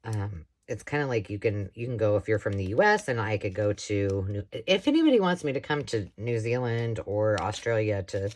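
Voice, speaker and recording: A woman's voice: very deep voice, lively intonation, moderate pace, few pauses, darkish tone. A woman chatting casually and rambling as she works on a craft project, often laughing. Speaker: craft vlogger. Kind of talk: casual chat while crafting.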